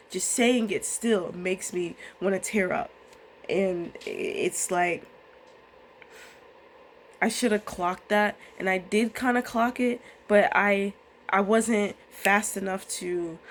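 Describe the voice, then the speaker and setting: In a candid, emotional vlog monologue, a young woman at medium pitch recaps her trading day. There's slight background noise, and she rambles and swears casually.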